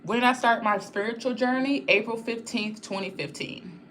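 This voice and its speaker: A young woman hosts a casual live stream and reads the live chat, speaking at a moderate pace in a fairly bright, somewhat high voice with a little hiss or hum. She talks straight to her viewers, candid and rambling, and swears freely.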